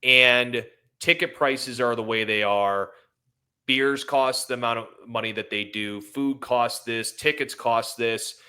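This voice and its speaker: A man co-hosting a sports podcast rants emotionally, rambling and impassioned, then apologizes for it. His mid-range voice is steady, measured, bright, forceful, clear, and resonant.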